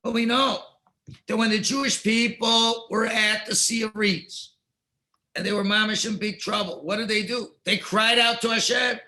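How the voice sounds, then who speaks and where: A man teaching a Torah class, telling parables in an animated way and mixing in Hebrew and Yiddish terms. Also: sits high, moderate pace.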